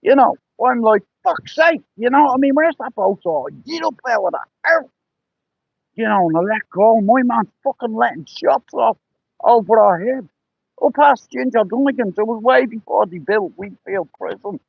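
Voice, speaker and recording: Gravelly high-voiced man. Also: moderate pace, no room sound, muffled recording. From Ireland. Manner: rambling, profane, lots of "you know". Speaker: livestreamer. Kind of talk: casual storytelling on a livestream.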